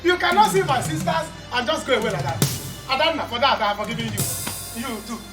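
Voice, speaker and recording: A woman's voice: fairly high pitch, lively intonation, fast, over music, natural voice. Woman playing a brash, boastful Nigerian bully. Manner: loud, boastful, repetitive. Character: brash scheming woman bullying her family. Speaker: actor. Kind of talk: Nollywood film acting.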